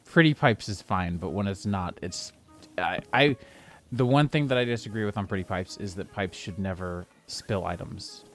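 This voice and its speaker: A man's voice: lowish voice, moderate pace, faint music behind. A man streaming a building game, rambling casually and now and then snapping in exasperation at the game. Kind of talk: casual gameplay commentary.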